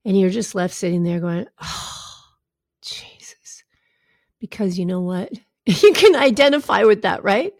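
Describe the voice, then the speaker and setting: A woman speaking at a middle pitch with a gravelly edge, talking straight into a close, dry mic. She hosts her own podcast as a coach and tells stories in an earnest, personal way, often turning to the listener with a quick "right?". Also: expressive, a little mellow, dry recording. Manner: earnest storyteller who often asks "right?". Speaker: podcast host and recovery coach.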